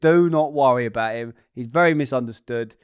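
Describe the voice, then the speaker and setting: A man's voice: mid-range voice, fairly quick, clear, resonant tone, no echo, clean studio sound, lightly acted. Man doing a soothing laid-back little orange creature. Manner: soothing, reassuring.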